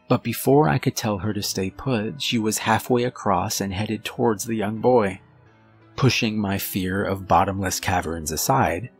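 A man narrating a horror story in a measured, steady storytelling manner. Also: fairly low pitch, creaky. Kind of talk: scripted narration.

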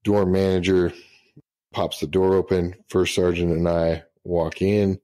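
Low-voiced man telling profane stories. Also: flat delivery, unhurried, mellow. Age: middle-aged. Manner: profane, laughing anecdotes. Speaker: podcast guest, retired senior master sergeant. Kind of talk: casual storytelling.

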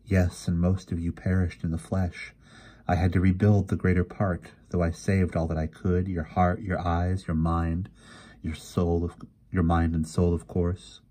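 A man reading aloud, voicing an ancient, gentle but firm sorceress spirit in a storybook. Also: deep voice, flat delivery, a little slow. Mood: solemn.

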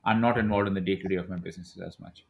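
A man's voice: low-pitched, racing, vocal fry, slight background noise. A man in his thirties telling stories as a podcast guest, acting out what other people said. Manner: animated storyteller who acts out quoted dialogue. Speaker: podcast guest, e-commerce brand owner. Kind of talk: casual interview talk.

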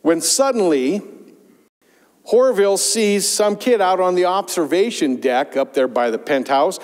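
High-voiced pastor in an echoing church. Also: male voice, a little slow. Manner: storytelling with lively emphasis. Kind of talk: sermon. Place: church sanctuary. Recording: long church reverb.

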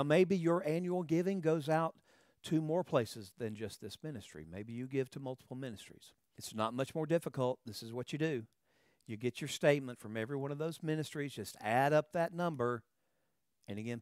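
A man's voice: on the high side, darkish tone, no room sound, studio quality. A man preaching a sermon in a conversational way, often checking in with "all right" and "okay" and repeating words as he starts a phrase. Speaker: pastor.

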